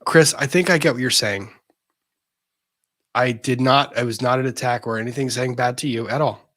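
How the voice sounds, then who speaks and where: A man's voice: medium pitch, moderate pace, fairly bright tone. A man hosting a casual livestream, chatting and reading viewer messages aloud. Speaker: livestream host reading super chats.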